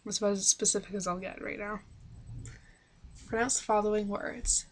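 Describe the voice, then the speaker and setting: A woman's voice: medium pitch, little pitch movement, moderate pace, long pauses. A woman from Manitoba with a Canadian accent, reading questions aloud and answering them plainly in a casual accent-challenge vlog, recorded on a webcam microphone. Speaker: vlogger.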